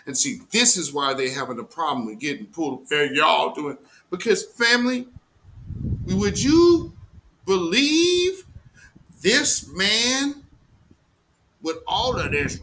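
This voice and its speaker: Male live-stream host, slow and sharp-toned, fired up and mocking, slangy commentary. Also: sits high, lively intonation, a little hiss or hum, low-quality recording. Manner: heated, mocking, slangy, profane.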